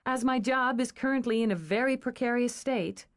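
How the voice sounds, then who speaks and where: A woman's voice: fairly high pitch, moderate pace, voice pushed up, natural voice. Wry young art gallery woman put on by a female reader, teasing tone, storybook.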